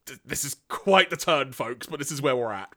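A male podcast host retells a cartoon episode in casual chat. His pitch rises and falls a lot, and his voice is bright and forward. He talks with storyteller energy. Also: brisk. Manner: storytelling, animated.

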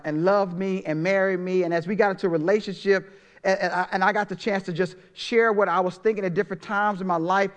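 Middle-aged male pastor, sermon delivery, slightly high-pitched, dynamic from hush to loud. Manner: dynamic preaching, swings from hushed to loud.

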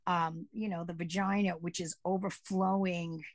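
Lower-voiced woman co-hosting a casual podcast. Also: normal speed, no echo. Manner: relaxed, explains at length with fillers. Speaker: podcast co-host. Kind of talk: casual chat about pagan traditions.

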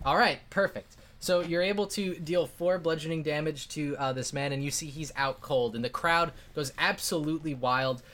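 A man's voice: fairly high pitch, moderate pace, fairly bright tone. A man narrating a tabletop game as game master in a casual, rambling way with many fillers.

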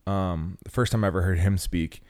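A man hosting a podcast, telling stories in a loose, profane, animated way. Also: low-pitched, fairly quick. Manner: profane, rambling, animated storytelling. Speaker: podcast host. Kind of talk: casual podcast chat.

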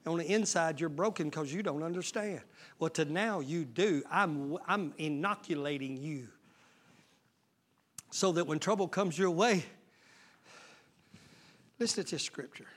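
A male pastor preaching a sermon, swelling into loud shouted passages. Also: on the high side, unhurried, pauses often. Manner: preaching with sudden shouted surges and folksy Southern-style talk.

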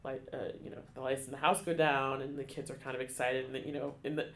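A man telling a personal story in an interview, halting, with many restarts and fillers, becoming emotional. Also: mid-range voice, flat delivery, a bit bright, reverberant. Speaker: guest, theater education staff. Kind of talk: conversational storytelling.

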